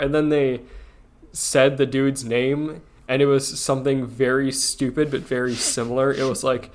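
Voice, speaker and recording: A man co-hosting a podcast, rambling through casual chat with lots of "like" and frequent giggles. His voice sits at a middle pitch for a man. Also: fairly even intonation, unhurried. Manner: rambling, filler-heavy, giggly. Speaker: podcast co-host.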